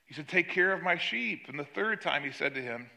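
A man's voice: animated, brisk, creaky, pushed and bright. An older man, a pastor, preaching a sermon and telling a story about his granddaughter. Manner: storytelling, acts out quoted voices with rising pitch.

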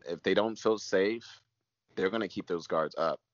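A man's voice: low-pitched, normal speed, no echo, lo-fi sound. A man, a pastor, giving an emotional personal testimony in an earnest way, repeating phrases and sometimes dropping almost to a whisper.

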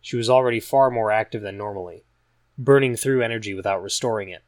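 A man reading a story aloud as a narrator, in an even, measured storytelling manner. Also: fairly low pitch, no room sound, clean studio sound. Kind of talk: scripted audiobook narration.

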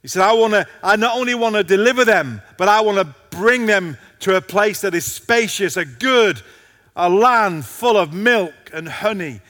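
A man's voice: high-pitched, lively intonation, normal speed, fairly bright tone, in a large hall. A male pastor preaching a passionate sermon to a congregation, his intensity rising and falling.

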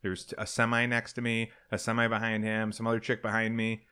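A man's voice: fairly low pitch, monotone, fast talker, sharp tone, smooth. A man co-hosting a casual show, telling a long, profane anecdote in a loose, chatty way. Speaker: co-host. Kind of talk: casual storytelling chat.

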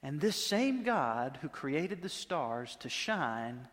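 High-voiced preacher in a reverberant hall. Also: male voice, big pitch swings, fairly bright tone. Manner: storytelling, conversational, with dramatic pauses. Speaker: pastor. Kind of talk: sermon. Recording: long reverb of a large hall.

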